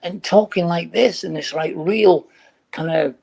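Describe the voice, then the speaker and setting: A man's voice: fairly high pitch, a little slow, vocal fry, darkish tone. An older man, a retired footballer, chatting as a podcast guest and telling rambling, laughing anecdotes with many restarts. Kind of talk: casual podcast chat.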